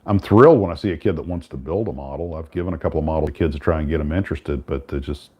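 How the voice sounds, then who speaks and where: A man hosting a casual chat, talking in a relaxed, rambling way with many restarts. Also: very deep voice, racing, highs cut off. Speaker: host.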